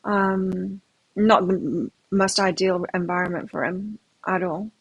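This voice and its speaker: Chatty husky middle-aged woman tarot reader. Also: fairly low pitch, a little slow, no room sound, highs cut off. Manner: chatty, rambling, with frequent restarts. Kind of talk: live tarot reading and anecdote.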